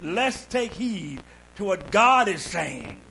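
High-pitched, bright-voiced male preacher. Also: very animated, slow pace, gravelly, slight background noise, low-quality recording. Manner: call-and-response preaching, rising to shouts. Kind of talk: sermon. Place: church.

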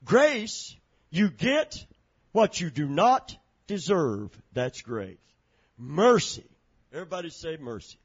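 A preacher giving a sermon, swinging from shouted, chanting climaxes down to low, quiet storytelling. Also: male voice, big pitch swings, slow pace, slightly rough, lo-fi sound. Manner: rising to shouted, chanting peaks, then dropping low and soft.

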